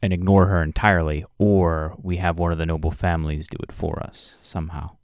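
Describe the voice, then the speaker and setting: A man playing a tabletop role-playing game, speaking in character in a measured, deliberate way. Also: low-pitched, little pitch movement, a little mellow, no room sound, clean studio sound. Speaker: player.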